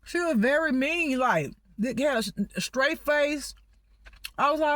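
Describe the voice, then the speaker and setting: Agitated high-voiced woman venting. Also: animated, measured pace, fairly bright tone, no echo. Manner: rambling, agitated, swears often; pleading, exasperated outbursts. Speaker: spiritual vlogger. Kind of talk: unscripted venting monologue.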